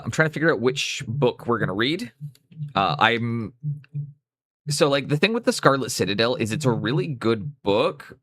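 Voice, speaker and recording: A man's voice: medium pitch, a bit bright, dry recording, clean studio sound. A Canadian man chatting casually on a live stream while painting, rambling and correcting himself as he goes. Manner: rambling, self-correcting, easygoing.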